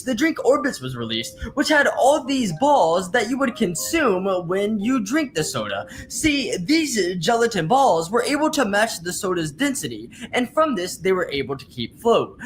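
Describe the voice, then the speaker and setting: A man's voice: extremely high pitch, fairly bright tone, a little hiss or hum. A man narrating a list of facts, enthusiastic and informative.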